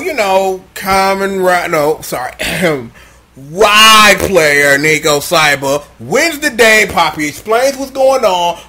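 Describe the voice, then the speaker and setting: A man with a high voice recapping a show episode as comedy. He talks in profane, slang-heavy bursts and stays animated throughout. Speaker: show reviewer.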